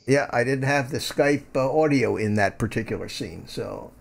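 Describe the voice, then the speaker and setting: Older male streamer, gravelly, stammering, chatty desk-mic host. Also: mid-range voice, normal speed. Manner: rambling, stammers and repeats words. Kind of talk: casual live-stream chat. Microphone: desk microphone through a USB mixer.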